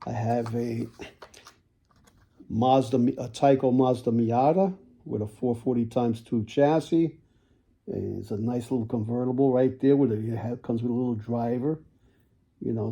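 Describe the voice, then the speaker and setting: A man selling toy cars in a casual video, with folksy sales patter, repeated words and frequent throat clearing. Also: medium pitch, steady tone, measured pace, dark tone. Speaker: toy car seller.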